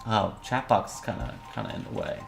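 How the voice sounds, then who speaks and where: A woman's voice: rumbling low, wildly swooping pitch, fairly quick, vocal fry. A woman streamer chatting casually while setting up a game, rambling with profane, jokey asides over faint music. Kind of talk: casual let's-play chat.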